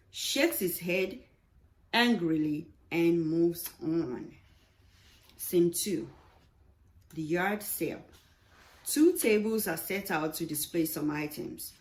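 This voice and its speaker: A woman reading her own play aloud, speaking the stage directions in a slow, deliberate way. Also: on the low side. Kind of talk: read-aloud play narration.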